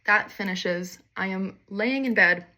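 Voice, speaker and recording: Young woman spilling a wild story, bright sharp voice, wry and sweary, laughs at herself. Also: mid-range voice, a little slow. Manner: candid, wry, swears freely, self-mocking. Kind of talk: casual storytime monologue.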